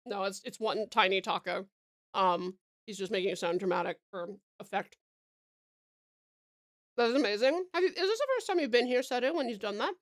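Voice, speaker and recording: A woman's voice: mid-range voice, fairly quick. A woman with an Australian accent chatting casually on a live stream, giggling and eating as she talks. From Tasmania, Australia.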